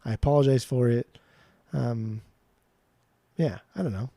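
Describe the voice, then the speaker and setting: A man's voice: mid-range voice, measured pace, vocal fry, long pauses, mellow, dry recording. A man co-hosting a podcast, talking in a rambling, profane, ranting way. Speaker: podcast co-host. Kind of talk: casual podcast chat.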